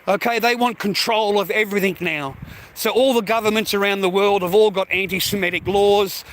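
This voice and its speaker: A man's voice: high-pitched, steady tone, fairly quick, a bit bright, a little hiss or hum. An Australian man ranting to his livestream viewers, swearing constantly and calling them mate. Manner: profane, repetitive, addresses viewers as mate. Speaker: live streamer. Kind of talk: rambling livestream rant.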